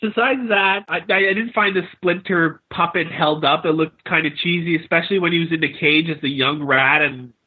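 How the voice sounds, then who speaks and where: Husky, slightly high male co-host, rambling casual chat, phone-quality audio. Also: normal speed, few pauses. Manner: rambling, stammering restarts, frequent laughs. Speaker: podcast co-host reviewing a film. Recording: tinny phone-like line.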